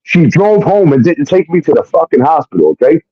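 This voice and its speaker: A man telling a personal story in an animated way, often asking "okay?" as he goes. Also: on the high side, fast, slightly rough, dry recording, dull audio. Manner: animated, keeps adding "okay?". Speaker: recording artist telling his story. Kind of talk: casual storytelling monologue.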